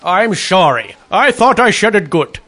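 A man's voice: sits high, sing-song, a little slow, sharp tone, exaggerated voice. A man playing a bumbling, easily hurt male movie star who keeps flubbing a spy line, in a comedy clip. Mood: whiny. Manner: whiny and flustered.

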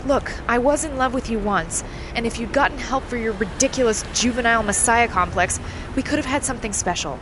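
A woman playing an overwrought, paranoid ex-girlfriend in a comedy sketch, with shrill, shouty outbursts. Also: fairly quick, noisy background, close to an everyday voice. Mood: exasperated.

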